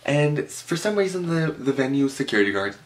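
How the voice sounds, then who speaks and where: A young man telling an animated, profane story at home, full of "like" fillers. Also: mid-range voice, fairly quick, background noise. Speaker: vlogger. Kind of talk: storytime vlog. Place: home room with a cloth backdrop.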